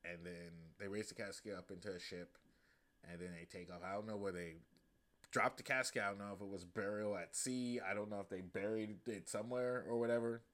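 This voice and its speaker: A man with a fairly low but bright, forceful voice, recapping a movie on a podcast. He talks casually, swears freely and tells the story with lively slang. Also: a little fast. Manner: profane, slangy, animated retelling. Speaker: podcast host.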